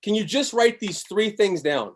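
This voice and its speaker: A man giving an energetic motivational sales pitch on a live webinar, chanting repeated slogans with big swings in pitch. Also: moderate pace. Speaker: network marketing presenter.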